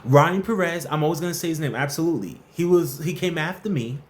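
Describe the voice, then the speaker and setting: A man's voice: on the high side, quick pace. A man hosting a casual workplace advice livestream, answering viewer questions and greeting the chat by name in a playful, slangy way.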